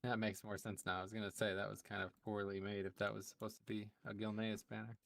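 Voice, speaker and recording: A man's voice: fairly low pitch, fast, vocal fry, no echo. A man streaming a video game, chatting casually and musing aloud, often trailing off. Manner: relaxed, musing, trails off with "I guess". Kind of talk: casual chat during co-op gameplay.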